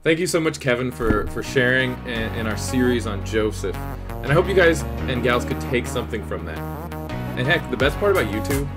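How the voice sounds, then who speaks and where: A man's voice: medium pitch, animated, brisk. A man casually thanking the speaker and wrapping up, with friendly fillers. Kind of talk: casual wrap-up. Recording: guitar music playing behind.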